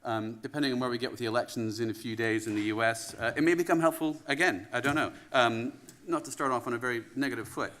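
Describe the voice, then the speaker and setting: A man with a Canadian accent giving a relaxed, wry welcome speech as conference host, with frequent "um" fillers. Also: mid-range voice, quick pace, few pauses. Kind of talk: welcome address. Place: conference venue in a tower.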